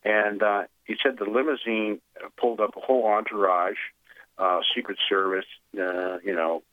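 A lowish-voiced man on a radio call-in tells a rambling tale at a moderate pace, stumbling through "uh"s and restarts while retelling it with animation. His voice comes through a tinny phone line, without echo.

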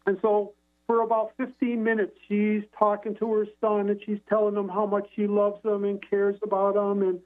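He's a hypnotherapist guest on a radio call-in, relating stories by phone in a rambling manner that keeps restarting and leans on fillers. The voice is high and completely flat, delivered at normal speed.

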